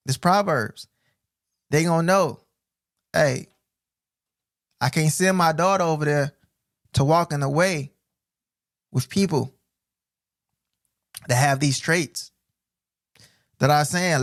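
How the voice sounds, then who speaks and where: Male scripture teacher, fairly high and gravelly, casual streamed teaching with slow readings and slang asides. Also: dry recording, studio quality. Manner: reads verses slowly, then explains in street slang; casual, repeats 'right?' and 'bro'. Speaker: Bible teacher.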